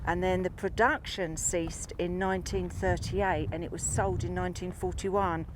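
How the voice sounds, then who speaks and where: A woman's voice: on the low side, steady tone, moderate pace, background noise. A woman chatting outdoors on a mountainside, explaining local history she researched. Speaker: co-host and researcher. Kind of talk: casual chat.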